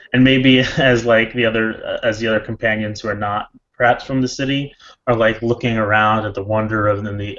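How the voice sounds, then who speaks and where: A man's voice: lowish voice, dull audio. A man describing his character in a tabletop game, rambling with restarts. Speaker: player.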